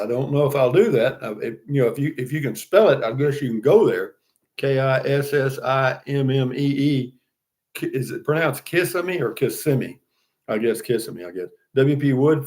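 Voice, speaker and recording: A man's voice: mid-range voice, a little mellow. Older male host, folksy and rambling, casual stream chat. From Texas. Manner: folksy, rambling, many fillers and restarts. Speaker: livestream host. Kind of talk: casual chat reading viewer comments.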